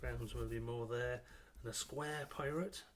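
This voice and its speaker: A middle-aged man, a children's illustrator, chatting in a friendly, unhurried way to children while he draws, with frequent ums. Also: mid-range voice, fairly even intonation, slight background noise. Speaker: children's author and illustrator leading a drawing workshop.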